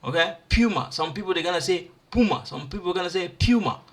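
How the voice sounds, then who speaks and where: A man teaching pronunciation, repeating syllables and words slowly for learners. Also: high-pitched, expressive. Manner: slow, repeats sounds and words aloud for learners. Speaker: language teacher. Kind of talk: pronunciation lesson.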